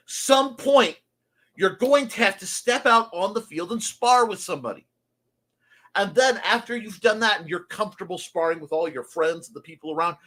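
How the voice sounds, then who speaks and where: A man's voice: sits high, pushed and bright. A man hosting a creative morning show, talking earnestly and confessionally in a folksy way. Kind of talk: reflective monologue.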